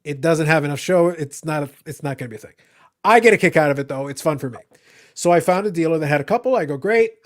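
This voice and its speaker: A man from Canada hosting a casual livestream, ranting in animated bursts and cursing freely. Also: fairly high pitch, fast. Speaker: livestream host. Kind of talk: casual chat.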